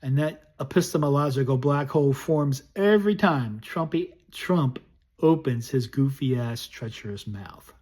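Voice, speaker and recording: Husky, indignant man giving a spoken essay. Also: mid-range voice, a little slow, darkish tone. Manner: indignant, blunt and scornful. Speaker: political commentator.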